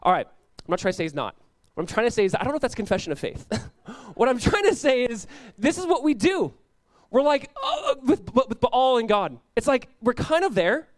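A young man preaching a sermon as pastor, casual and animated, peppered with "like" and quick laughs. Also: extremely high pitch, no echo.

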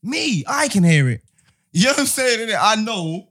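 A husky, slightly raised male voice, talking in loose, slangy banter. He circles back over his own points and keeps checking that he's understood. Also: sits high, sing-song, normal speed, fairly bright tone. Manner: slangy, repeats himself. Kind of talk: casual banter.

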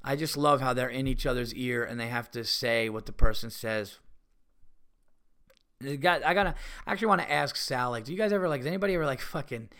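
A man hosting a podcast, telling rambling stories in casual chat. He swears often and gets loud and excitable. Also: mid-range voice, quick pace, clear, resonant tone. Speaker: podcast host and comedian. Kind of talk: casual storytelling monologue.

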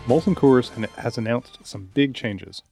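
A man co-hosting a podcast from a radio studio, wry and halting, with frequent restarts. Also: mid-range voice, vocal fry, darkish tone, husky, soft background music. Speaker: podcast co-host, beer writer. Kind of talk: casual chat. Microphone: studio mic.

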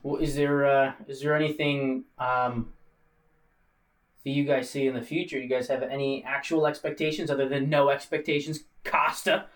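A man's voice: medium pitch, little pitch movement, normal speed, far from the mic. A man hosting a casual podcast, rambling and joking, often laughing as he talks. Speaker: podcast host.

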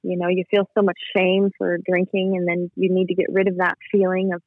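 A man's voice: sits high, monotone, no room sound. Man on a tinny phone line. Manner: earnest, halting, emotional. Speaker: guest. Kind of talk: personal testimony.

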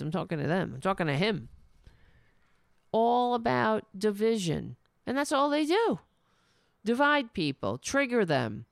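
A woman's voice: mid-range voice, gravelly, no echo, studio quality. A middle-aged woman hosting a show, giving indignant, sarcastic political commentary. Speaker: host.

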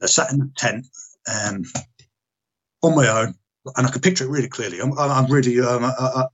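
Husky man telling a blunt story. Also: mid-range voice, a little fast, lo-fi sound. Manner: blunt, heavy swearing, reenacts dialogue. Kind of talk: casual storytelling chat.

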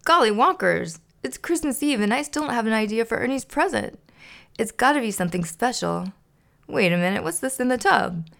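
Woman voicing a fussy, proper puppet roommate, earnest and formal, a little gravelly, storybook read-aloud. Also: a little high, expressive, fairly quick, a bit bright, pitched above the performer's own voice. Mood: fretful.

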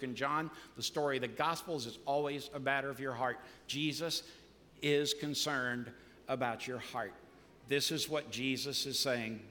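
Pastor guy preaching, kinda high bright voice, big reverby church. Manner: preaching with rising emphatic punches. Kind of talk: sermon. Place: church sanctuary. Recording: long reverb of a large hall.

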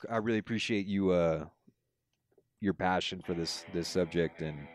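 A man co-hosting a podcast, chatting casually and telling stories in an animated way. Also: low-pitched, moderate pace, soft background music. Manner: animated storyteller, lively put-on voices. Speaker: podcast co-host. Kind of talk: casual chat.

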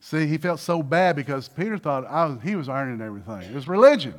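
A man preaching a sermon with lots of energy, acting out little dialogues and swinging between loud bursts and hushed passages. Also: fairly high pitch, lively intonation, fast talker, few pauses. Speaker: pastor.

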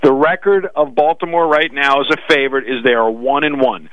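A man with a Brooklyn accent analyzing sports betting odds on a radio talk show, talking fast with frequent restarts. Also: medium pitch, dry recording, lo-fi sound. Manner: rapid with frequent restarts, "listen".

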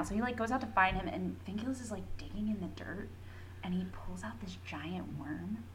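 A young woman co-hosting a podcast, retelling a story excitedly with lots of fillers and swearing. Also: medium pitch, a little fast, heavy background noise. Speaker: podcast co-host. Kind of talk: casual fandom chat.

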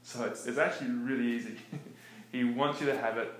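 A man preaching in a relaxed, conversational way, often chuckling between his points. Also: medium pitch, moderate pace. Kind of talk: conversational sermon. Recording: echoey room with faint background noise.

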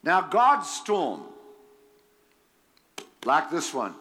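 Slow, bright-toned male preacher; emphatic, chuckling, reads scripture then comments. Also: on the high side, big pitch swings. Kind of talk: sermon reading scripture with commentary.

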